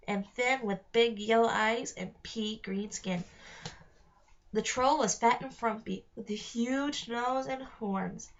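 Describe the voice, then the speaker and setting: A woman reading a storybook aloud with a fairly high voice, careful and steady with the odd slip. The recording sounds dull and lo-fi. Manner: careful, with small slips. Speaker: reader. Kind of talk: read-aloud narration.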